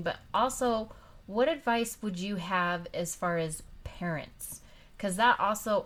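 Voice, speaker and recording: A woman podcast host and youth soccer coach, chatting casually and telling rambling stories with frequent laughs. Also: fairly low pitch. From Utah, United States. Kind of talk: casual interview chat.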